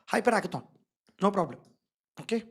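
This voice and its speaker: A design instructor with a high-sitting, breathy-edged voice and lively intonation talks fairly quickly through a live online workshop. Emphatic throughout, he stresses and repeats key words and keeps checking in with the people watching.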